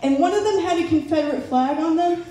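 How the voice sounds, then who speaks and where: With an extremely high, mellow voice and a fast delivery, a young woman from Southern California does playful, chatty stand-up, voicing members of her family. It's a live show in a large room, recorded with heavy echo and faint background noise.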